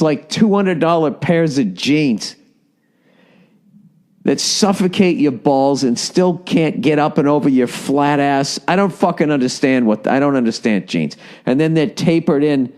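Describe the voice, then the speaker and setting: A man's voice: mid-range voice, a little mellow. A man hosting his own podcast, ranting comedically with lots of profanity. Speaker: podcast host. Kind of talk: comedic solo rant.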